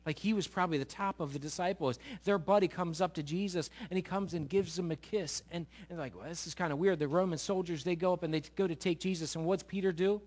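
Brief: male pastor, sermon, lively storyteller, slightly high voice. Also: fast talker, few pauses. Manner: animated storytelling, repeats words as he builds.

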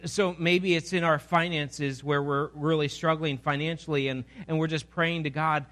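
Male preacher, sermon delivery, high bright voice, repeats himself and builds in intensity. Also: steady tone, normal speed. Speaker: pastor.

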